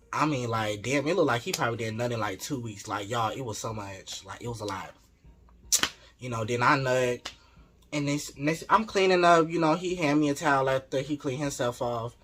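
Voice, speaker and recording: A man telling a story in an animated, slangy, laughing way. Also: medium pitch, a little hiss or hum. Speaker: vlogger. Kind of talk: casual storytelling.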